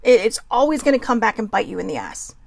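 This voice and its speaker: Woman host of a live card reading; giggly, off-topic, profane, gravelly. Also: a little high, sing-song, quick pace. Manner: giggly, chatty, swears freely, goes off topic.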